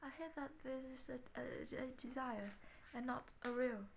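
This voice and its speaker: A woman talking haltingly in a personal diary vlog, often searching for words. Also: high-pitched, gravelly, a little hiss or hum. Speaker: vlogger.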